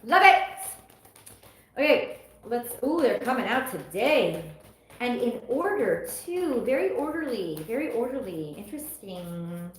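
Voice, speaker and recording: A woman's voice: on the high side, sing-song, measured pace. A woman from the US East Coast giving a casual live tarot reading, chatty, laughing often and exclaiming as the cards come up. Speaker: tarot reader on a livestream. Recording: very echoey room.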